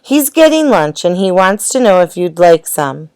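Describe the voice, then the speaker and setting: A woman's voice: lowish voice, sing-song, moderate pace, a little mellow, no echo. Woman playing an eager young elephant girl. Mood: chatty. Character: eager young elephant daughter, helpful and hurried.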